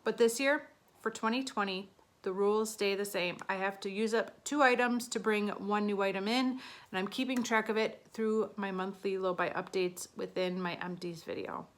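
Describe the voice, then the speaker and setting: A woman's voice: mid-range voice, fairly even intonation, normal speed. A woman in her thirties talking casually to the camera as a beauty vlogger, chatty and a little flustered as she counts out her numbers.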